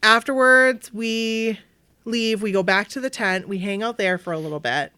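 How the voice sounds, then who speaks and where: A woman's voice: mid-range voice, moderate pace, smooth, no echo. A woman from Maine co-hosting a podcast, telling a long story in casual chat and acting out the voices of the people in it. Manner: animated storytelling with bright acted-out quotes. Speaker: podcast co-host.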